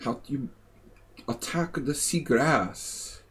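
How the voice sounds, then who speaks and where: A man putting on a slow, drawn-out, bizarre fake accent as a joke. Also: medium pitch, lively intonation, a bit bright, voice pushed up. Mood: mock-earnest. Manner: slow, drawn-out, sing-song delivery.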